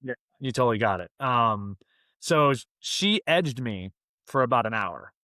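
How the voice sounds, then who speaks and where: A man's voice: mid-range voice, lively intonation, unhurried, sharp tone, no room sound, studio quality. A young man from Massachusetts, a podcast guest, telling a candid story in casual chat and acting out the quoted lines.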